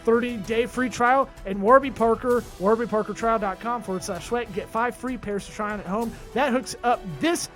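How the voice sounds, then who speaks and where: Male podcast host, high voice, loud jokey ad reads, faint music bed. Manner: loud, joking, rapid-fire ad reading. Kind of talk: comedic podcast banter and ad reads.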